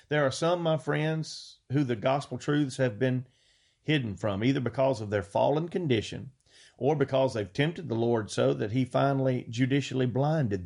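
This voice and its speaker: A man preaching a sermon, reading scripture slowly and earnestly and stressing key words. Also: mid-range voice, vocal fry, darkish tone, slightly rough. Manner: earnest, drawn-out scripture reading with rising emphasis.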